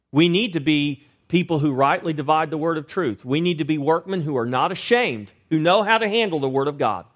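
A male preacher delivering a direct, exhorting sermon to his church. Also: mid-range voice. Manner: direct, exhorting, rises louder and quicker when pressing a point.

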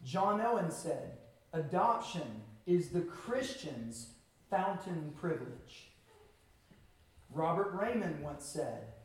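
A man preaching a sermon as pastor to his church, with earnest emphasis and pauses. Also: high voice, darkish tone, slight background noise. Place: church sanctuary. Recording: very echoey hall, from a distance.

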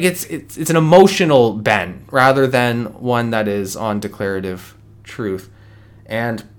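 Here the solo podcast host, a man with a medium-pitched and somewhat bright voice, delivers an opinion monologue. His manner is earnest and conversational, and he often starts over mid-thought.

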